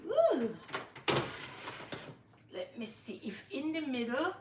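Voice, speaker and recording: Jamaican woman, middle-aged, unhurried, cooking livestream chat, faint room noise. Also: mid-range voice, a bit bright. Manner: chatty, repeats herself, talks to her viewers. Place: home kitchen.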